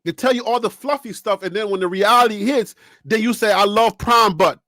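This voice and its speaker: A man with a fairly high voice hosts his own sports talk stream and speaks straight to viewers and chat. He talks in an animated way and laughs often. The mic is close and the sound is dry. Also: a little fast, dry recording. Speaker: sports channel host. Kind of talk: casual live-stream commentary.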